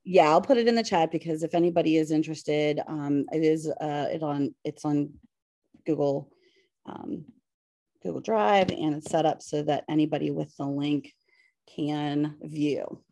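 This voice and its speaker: Woman in her 40s, Pittsburgh accent, low gravelly mellow voice, hesitant teacher presenting over a video call. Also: steady tone, a little slow, no echo. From western Pennsylvania. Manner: hesitant, many fillers, nervous laughs. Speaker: high school English teacher presenting. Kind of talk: webinar presentation.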